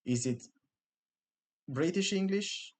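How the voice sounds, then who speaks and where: Male podcast co-host, Italian accent, slightly higher voice, rambling and laughing easily. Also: animated, takes it slowly. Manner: rambling, full of restarts and laughs. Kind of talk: casual podcast chat.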